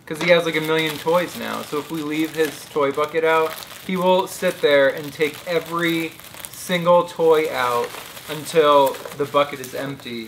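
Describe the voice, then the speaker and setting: A woman's voice: low voice, moderate pace, a little hiss or hum. A woman in a casual home vlog, chatting and joking as she opens and reads fan mail aloud. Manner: playful, jokey, reads labels aloud. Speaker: vlogger opening fan mail. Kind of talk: casual chat.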